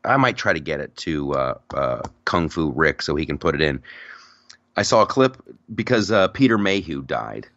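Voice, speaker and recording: A man hosting a podcast in casual chat, telling stories in a rambling, animated way with frequent restarts. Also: extremely low pitch, normal speed, no echo, dull audio. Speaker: podcast host.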